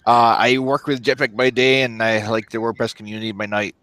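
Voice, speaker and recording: A man speaking as a panel guest in a casual podcast discussion, measured and thoughtful. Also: mid-range voice, little pitch movement, a bit bright, no echo.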